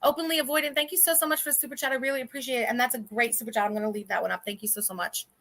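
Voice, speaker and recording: Bright high-voiced blunt woman streamer. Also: steady tone, very fast. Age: 30s. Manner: blunt, profane and indignant, rambling with restarts. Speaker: livestream host. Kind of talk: casual livestream commentary.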